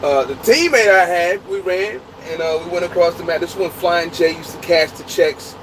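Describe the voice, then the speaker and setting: A truck driver telling a story in casual, profane, laughing talk. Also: male voice, sits high, moderate pace, background noise. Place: inside a truck.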